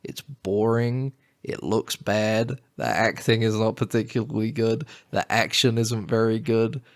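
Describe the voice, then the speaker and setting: A man's voice: fairly low pitch, steady tone, a little slow. A man co-hosting a podcast, reviewing a film in casual chat with dry sarcasm and mocking impressions. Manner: sarcastic, acts out characters in mocking voices. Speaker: podcast co-host.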